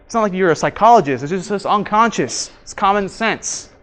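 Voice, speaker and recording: A man teaching a workshop to a live audience, quizzing the room and acting out his examples in an animated way. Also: sits high, a little fast. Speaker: workshop instructor. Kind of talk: interactive seminar lecture.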